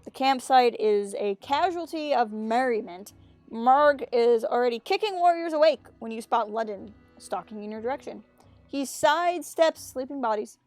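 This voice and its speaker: A woman's voice: on the high side, animated, moderate pace, darkish tone. A woman on a casual gameplay stream, reading the story text aloud and slipping into playful voices for the characters between chatty asides. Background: faint game music.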